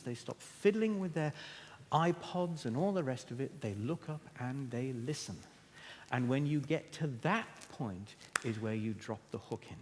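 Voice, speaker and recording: A man's voice: a little high, lively intonation, moderate pace, slight background noise. Theatrical male keynote speaker in a hall. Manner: emphatic, theatrical, addresses the audience. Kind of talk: keynote talk. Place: stage in a conference hall. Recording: echoey hall.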